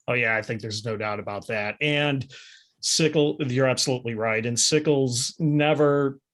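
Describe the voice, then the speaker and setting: A man's voice: mid-range voice, normal speed, fairly bright tone. A man confidently explaining his view in a casual history podcast discussion. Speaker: podcast panelist.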